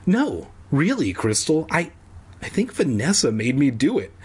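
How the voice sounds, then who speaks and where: A man reading aloud, voicing a nervous preteen boy who pleads and breaks into high chicken clucks. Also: huge pitch swings, a little slow, a little mellow, breathy edge, heavily acted. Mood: pleading.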